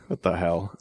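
A man's voice: lowish voice, slightly rough, no echo. A man co-hosting a podcast, mocking a movie in casual chat with sarcastic jokes. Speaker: podcast co-host.

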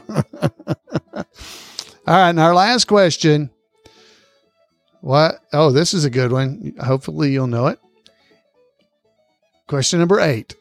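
A man's voice: a little high, no room sound, faint music behind. Chuckling man hosting a podcast quiz. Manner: reads questions slowly and repeats them, chuckles often. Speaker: podcast host running a trivia quiz. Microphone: close podcast microphone.

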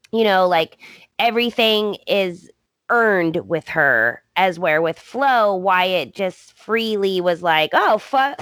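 A woman's voice: on the low side, a bit bright, no room sound. A woman co-hosting a podcast, recapping a soap opera in a casual, joking way with many fillers. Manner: chatty, joking, with frequent fillers. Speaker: podcast co-host.

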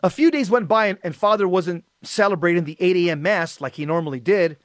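A little fast and high-voiced, a middle-aged Catholic layman speaks earnestly and emphatically about his faith. In quoted exchanges he rises to shouting, captured in a dry, clean studio recording.

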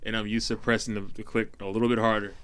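A man in a casual podcast chat, quietly defending himself while his friends tease him. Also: on the low side, flat delivery, fast, clean tone. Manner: soft-spoken, defensive, mumbles. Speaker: podcast co-host being teased.

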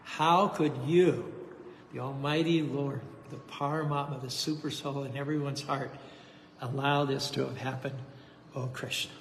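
A man's voice: mid-range voice, steady tone, measured pace, vocal fry. A man voicing a noble warrior father grieving his slain son, in formal, lamenting speech. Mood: reproachful. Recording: echoey hall, faint noise.

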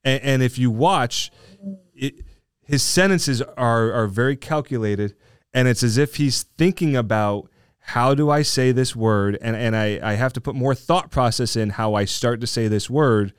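A man's voice: medium pitch, moderate pace, clean tone, no room sound, clean studio sound. A man who works as a trial lawyer, talking casually and explaining his views, often checking in with "right?". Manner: talkative, explains with frequent "right?". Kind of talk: casual discussion.

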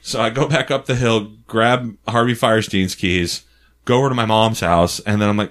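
Animated profane man telling stories. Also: on the low side, moderate pace. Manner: animated, profane, laughs often. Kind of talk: casual comic storytelling.

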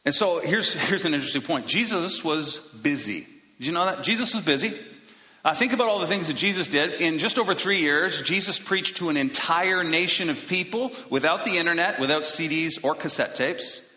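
A man preaching a sermon to his congregation in a casual, conversational way, with quick self-deprecating asides, speaking into a microphone. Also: a little high, sharp tone. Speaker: pastor. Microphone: handheld or stage microphone. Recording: echoey hall reverb.

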